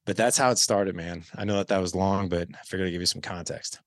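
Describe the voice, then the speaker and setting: Low gravelly man telling his story. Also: fast talker, no echo, clean studio sound. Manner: candid, animated storyteller acting out dialogue. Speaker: podcast guest, parenting coach. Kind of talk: casual storytelling interview.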